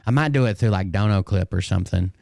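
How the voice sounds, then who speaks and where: A man's voice: sits low, quick pace, gravelly, darkish tone, no room sound, clean studio sound. A man streaming and commenting on clips, blunt and sarcastic and swearing freely, his voice a bit strained. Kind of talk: casual profane commentary.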